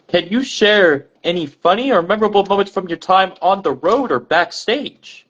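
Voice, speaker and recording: A man's voice: high-pitched, animated, normal speed, a bit bright, muffled recording. A man hosting an interview, asking polite, scripted-sounding questions. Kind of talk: podcast interview.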